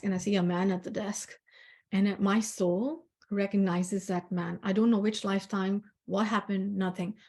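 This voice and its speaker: Mellow-voiced woman telling a spiritual story. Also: medium pitch. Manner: earnest, slow and reflective with soft hesitations. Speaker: spiritual healer. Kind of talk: personal storytelling talk.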